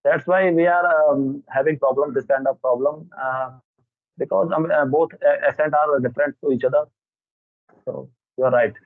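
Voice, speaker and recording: A man with an Indian English accent speaks at normal speed in a medium-pitched, fairly even voice. He's a guest in a casual conversation, talking hesitantly and using lots of fillers. The sound is dry and tinny, like a phone line.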